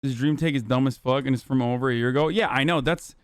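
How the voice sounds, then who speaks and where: A man's voice: medium pitch, quick pace, clear, resonant tone, dry recording, studio quality. A man hosting a live stream, giving casual, blunt, profane commentary and sarcastic reactions to chat. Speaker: livestream host.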